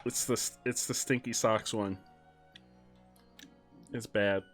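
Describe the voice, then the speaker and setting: A young man streaming a game, chatting casually, switching between muttered asides and loud excited outbursts. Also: lowish voice, slow pace, faint music behind. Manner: excitable, shifts from mumbling asides to loud exclamations. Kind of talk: casual live-stream commentary while gaming.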